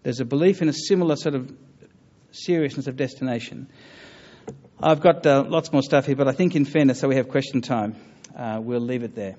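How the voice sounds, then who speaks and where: A man giving a public talk on religion and taking audience questions, earnest and halting, with many fillers and restarts. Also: mid-range voice, dark tone, lo-fi sound. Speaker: lecturer on religion.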